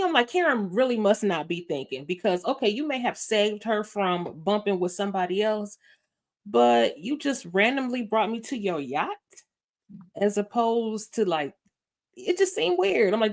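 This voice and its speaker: A woman's voice: a little high, very animated, normal speed. A woman panelist on a video call, casually and animatedly telling a TV scene with amusement. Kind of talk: casual chat about a TV episode.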